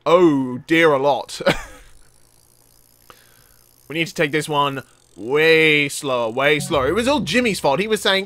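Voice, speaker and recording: A young man giving live gameplay commentary, excitable and yelping and laughing as things go wrong. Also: on the high side, a little slow, long pauses. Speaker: gaming channel host.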